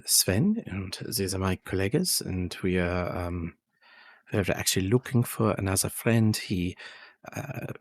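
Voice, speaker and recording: Deep, gravelly man playing a tabletop game. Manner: rambling, hesitant, lots of filler. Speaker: player.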